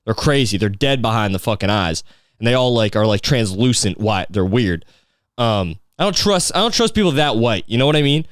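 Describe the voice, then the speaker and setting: Young guy ranting on his podcast, swears a ton, lots of um and like, smooth voice, dry close mic. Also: fairly low pitch, animated, a little fast, dry recording. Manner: rambling, profane, many fillers and restarts. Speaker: podcast host. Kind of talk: casual comedic rant.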